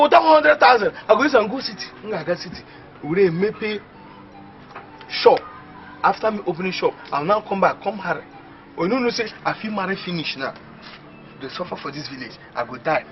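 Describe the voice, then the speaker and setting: An actor with a Nigerian accent playing an excitable young village man who laughs and boasts about his plans. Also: high voice. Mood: boastful. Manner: exclaiming, laughing often, animated. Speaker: actor in a comedy film. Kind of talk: Pidgin comedy film acting. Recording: dull lo-fi film audio.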